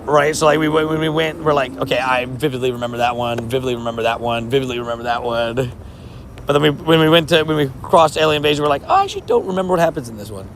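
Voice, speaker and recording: A man's voice: medium pitch, lively intonation, fast talker, slight background noise. A man streaming a mobile game, chatting casually with his viewers. He laughs often and trips over his words.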